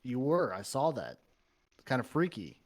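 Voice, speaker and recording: A man voicing a helpful but halting bird-folk villager in a tabletop game. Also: medium pitch, very animated, husky. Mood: hesitant. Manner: hesitant, halting.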